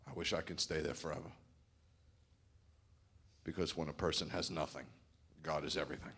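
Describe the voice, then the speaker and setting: A man's voice: extremely low pitch, steady tone, a little fast, vocal fry, fairly bright tone, husky. A middle-aged man, a rabbi, preaching an informal sermon in a candid, conversational storytelling way. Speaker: rabbi, pastor of the congregation.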